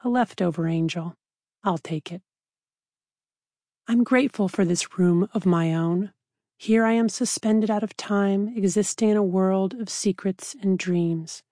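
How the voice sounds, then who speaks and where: A woman, a psychiatrist, reading her own memoir aloud in a measured, reflective way. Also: mid-range voice, dark tone, no echo, clean studio sound. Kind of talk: audiobook narration.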